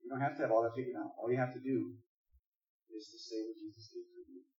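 A pastor with a medium-pitched, slightly mellow voice preaches fast in a conversational, joking style, reading scripture aloud between asides. The recording sounds distant, echoey and dull, as if captured across a room.

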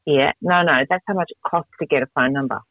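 A woman's voice: deep voice, fast, no echo. A woman, a candidate co-hosting a radio chat, telling stories with acted-out voices and lots of laughter. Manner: animated storyteller, acts out voices and laughs a lot. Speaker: political candidate and radio co-host. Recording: dry, phone-like radio sound.

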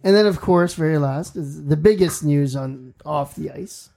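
A podcast co-host in casual sports chat, chiming in with quick reactions and laughing jabs. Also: mid-range voice, creaky, mellow.

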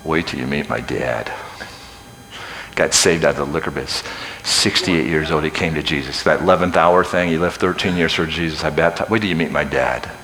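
A man in his sixties preaching a sermon, folksy and joking, swinging from shouting to hushed near-whispers. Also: rumbling low, moderate pace.

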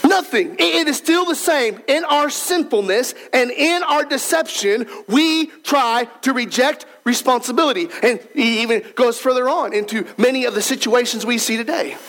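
A man pastor preaches a sermon with a markedly high voice for a man. He is emphatic and repeats key phrases. He drives points home with rhetorical questions. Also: a bit bright, a little hiss or hum.

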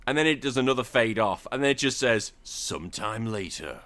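A man's voice: medium pitch, animated, fairly quick, sharp tone. A man hosting a podcast, recapping a film in sweary, mocking casual chat and acting out the characters' lines. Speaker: podcast host.

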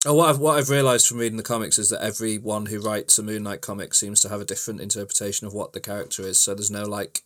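A man co-hosting a podcast in casual chat, relaxed and rambling as he talks. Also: fairly low pitch, fast, few pauses. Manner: relaxed, rambling, many fillers and restarts. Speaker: podcast co-host.

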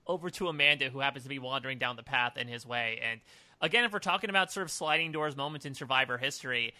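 A man's voice: mid-range voice, bright, forceful tone, dry recording. A man co-hosting a podcast in casual recap chat, with wry, playful asides. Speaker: podcast co-host.

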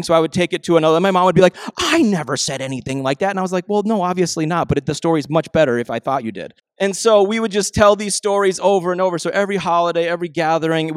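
Young male pastor, casual storytelling sermon, slightly high voice, dry close sound. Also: clear, resonant tone, no room sound. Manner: conversational storytelling, animated impressions of family; slows and softens for emphasis.

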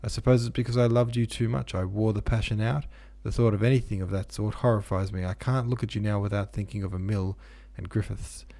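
A man voicing a reserved young man who answers curtly and coldly, in a low gravelly voice. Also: fairly even intonation, a little fast, few pauses, warm tone. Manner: curt, restrained.

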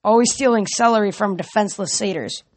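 A man's voice: high-pitched, fast talker, no echo, close to an everyday voice. A young man reading aloud, voicing a nervous, easily scared young satyr in a storybook. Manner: nervous, indignant.

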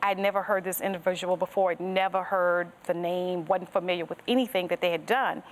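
A woman's voice: on the low side, fairly even intonation, a little fast. A woman guest on a podcast interview, sharing her personal faith testimony in an earnest storytelling manner that strings thoughts together with "and so".

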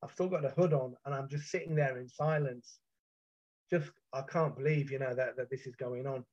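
A man's voice: mid-range voice, fairly even intonation, darkish tone. Intense British man, muffled recording. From Britain. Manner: intense, halting, with repeated restarts. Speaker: storyteller. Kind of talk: first-person account of a past ordeal.

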